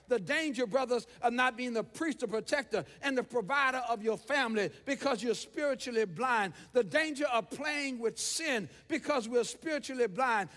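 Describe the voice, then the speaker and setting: A man preaching a sermon in a church, using rhythmic repeated phrases that build to shouts. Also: very high-pitched. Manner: rhythmic repetition, rising to shouts. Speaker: pastor. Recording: long church reverb.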